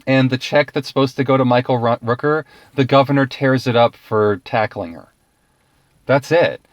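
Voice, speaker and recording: A man's voice: mid-range voice, moderate pace, dry recording, muffled recording. A man giving a casual, ranting film review, exasperated and profane, laughing often.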